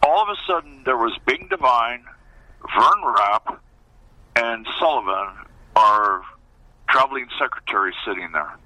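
An older man recounts his old pitching days in an interview, throwing himself into every line of quoted dialogue. His voice is strikingly bright and sharp, and he tells it with animated, plain-spoken energy. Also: a little slow, pauses often, slight background noise, poor audio. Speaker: former baseball pitcher. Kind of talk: storytelling interview.

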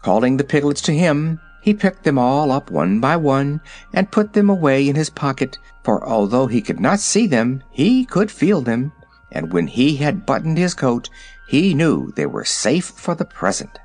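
A man reading a storybook aloud as its narrator, telling the tale in a lively way. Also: mid-range voice, unhurried, soft background music. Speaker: audiobook narrator. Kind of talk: scripted narration.

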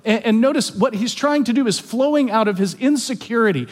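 A man's voice: very high voice, brisk. A man pastor giving a sermon in an earnest, confessional way, often repeating words as he stresses a point.

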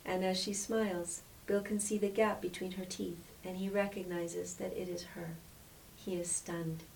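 Woman storyteller, measured storybook narration, slightly distant mic, faint hiss. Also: lowish voice, level tone, vocal fry, a little mellow.

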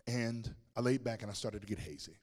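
A man's voice: on the low side, brisk, a little mellow. A man preaching a sermon as pastor, telling a personal story with humor and speaking directly to the congregation. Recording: long reverb of a large hall.

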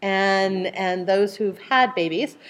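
A middle-aged woman leading a casual group Bible study, animated, full of restarts and acting out voices. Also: slow pace. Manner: animated, acts out voices with sudden high outbursts.

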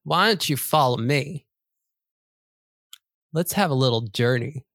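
A woman voicing a rude, streetwise talking black cat in a tabletop game, brash and mocking, with a very low voice. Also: lively intonation, measured pace, no echo, studio quality, full character voice. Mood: scheming.

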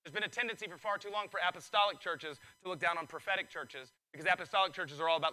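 A male pastor preaching a sermon, excitable and building in intensity, his voice strained from preaching. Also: on the high side, rapid-fire, hardly any pauses, low-quality recording.

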